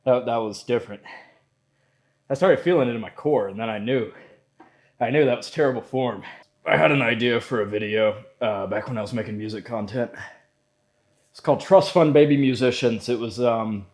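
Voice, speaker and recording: A young man in his own room, talking straight through a casual solo podcast. He rambles from story to story, swears freely and leans on crude jokes, in a voice that sits at an ordinary middle pitch for a man. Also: normal speed, pauses often, a little mellow. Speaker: podcast host. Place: indoor room at home.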